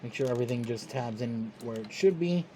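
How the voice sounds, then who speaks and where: Walking through a toy build one step at a time, the reviewer keeps things relaxed and talkative, often joking at their own expense. A soft hiss sits behind their mid-pitched voice.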